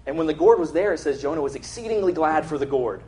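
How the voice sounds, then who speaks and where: A man's voice: fairly high pitch, lively intonation, quick pace, darkish tone. A young man preaching a casual, conversational sermon, acting out quotes in an everyday voice. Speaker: pastor.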